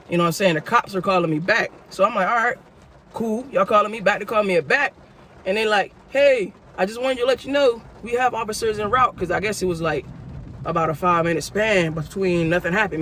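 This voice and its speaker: A man's voice: high-pitched, a bit bright, slight background noise. A man telling a casual story-time tale for his vlog in a slangy way, full of "you know what I'm saying.". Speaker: vlogger.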